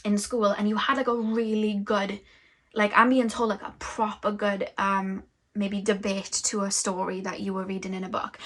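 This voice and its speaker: A woman's voice: medium pitch, flat delivery, normal speed, a bit bright. A woman giving an intuitive tarot reading, talking in a flowing, rambling way with many fillers. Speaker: tarot reader and energy channeler.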